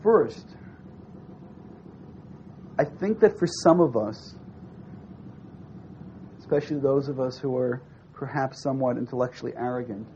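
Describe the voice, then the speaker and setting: A man teaching a religious class, telling a story and acting out its dialogue, often asking the listeners questions. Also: mid-range voice. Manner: animated, acts out dialogue with rising and falling voice; asks the audience questions. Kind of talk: lecture with storytelling. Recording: dull lo-fi recording with faint noise.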